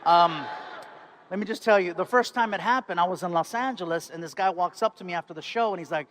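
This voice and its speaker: A man doing a stand-up comedy set, telling animated stories and switching into put-on voices. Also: high voice, fast talker, a little hiss or hum.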